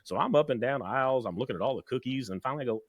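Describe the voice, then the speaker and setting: A man's voice: mid-range voice, rapid-fire, no echo. A man with a Southern US accent co-hosting a casual podcast, telling rambling stories, repeating words and acting out quotes. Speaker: podcast co-host.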